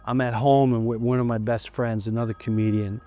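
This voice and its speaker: A man's voice: medium pitch, little pitch movement, fairly quick, warm tone, soft background music. A male comedian recounting a story in an interview, emphatic and repetitive, sometimes dropping to a near-whisper.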